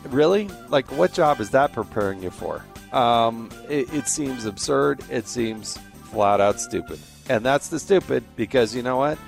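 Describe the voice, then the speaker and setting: A man's voice: mid-range voice, animated, measured pace, vocal fry, few pauses, soft background music. A man from the American West hosting a talk show, folksy and emphatic in a casual way. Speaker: host.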